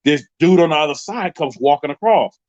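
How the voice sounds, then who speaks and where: A man's voice: on the high side, fairly quick, no echo, highs cut off. A man, telling a story on a live stream and acting out the other people's voices. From Queens, New York. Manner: animated, acts out the voices of people in his story. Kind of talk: casual storytelling on a livestream.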